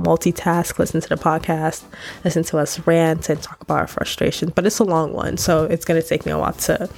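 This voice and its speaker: Nasal young woman podcaster, gravelly. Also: low-pitched. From Nigeria. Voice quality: nasal, congested. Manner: chatty, candid, slangy, laughs often. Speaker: podcast host. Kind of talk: casual solo podcast chat.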